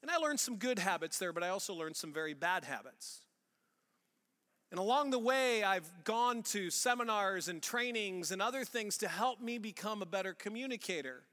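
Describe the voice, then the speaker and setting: A man with a St. Louis accent preaches with a high, bright voice that rings out in a big reverberant hall. He talks to the congregation in a relaxed, storytelling way and often restarts his sentences. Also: moderate pace. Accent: St. Louis, Missouri. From Missouri. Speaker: pastor. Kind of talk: sermon.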